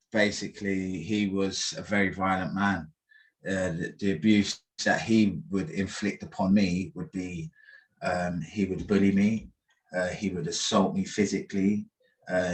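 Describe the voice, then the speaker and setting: A young man giving halting personal testimony in an interview, with many fillers and restarts. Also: sits low. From England.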